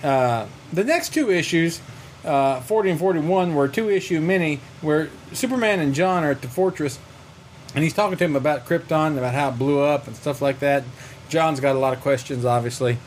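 A man with a fairly high voice retells a comic book story in loose, casual podcast chat. He talks in an animated way and slips into little character voices as he goes. A faint hum sits under the recording. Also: normal speed. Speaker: podcast co-host.

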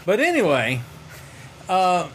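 A man casually retelling a comic book story on a podcast, animated and quick to slip into character voices. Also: high-pitched, a little hiss or hum. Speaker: podcast co-host.

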